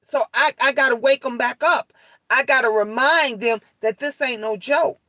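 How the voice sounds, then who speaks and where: A middle-aged woman talking straight to her livestream chat, heated and emphatic, swearing and hammering her points home. Her voice has a bright, forceful edge, and the sound is close and dry with no room echo. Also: high voice, normal speed. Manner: talks straight to her viewers, answering their comments.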